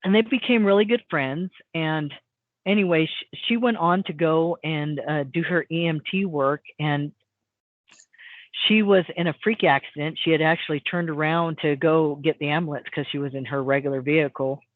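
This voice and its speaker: A woman who works as a hypnotist, telling a story on a call in a rambling, animated way with lots of fillers. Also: low-pitched, normal speed, no echo. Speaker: guest, hypnotist. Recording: tinny phone line, dry.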